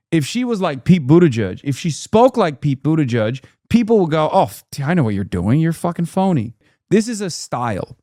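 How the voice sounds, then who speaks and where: A man's voice: mid-range voice, darkish tone, no echo, studio quality. A man giving blunt, profane, exasperated commentary on a live-stream reaction show. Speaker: political commentator.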